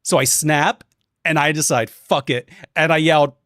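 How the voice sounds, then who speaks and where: Animated young man telling a story on stream. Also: fairly high pitch, normal speed, no room sound, studio quality. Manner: animated, swearing, laughing, acting out quotes in different voices. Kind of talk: casual stream chat, storytelling.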